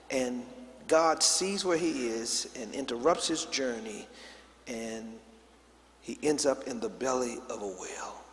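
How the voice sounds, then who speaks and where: A man with a high voice preaches to his congregation in a large church, swinging between booming emphasis and low, quiet stretches. He calls on the crowd to repeat his words and answer back. The sound carries a long hall reverb with a faint hum underneath. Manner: preaching with call-and-response to the congregation. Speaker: pastor. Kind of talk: sermon.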